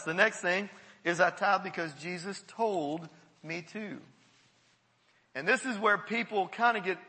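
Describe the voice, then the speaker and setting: A male pastor preaches with an animated delivery, repeating words and calling on the congregation. His voice sits high and sounds bright and forceful. It rings out with the long reverb of a church hall. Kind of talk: sermon.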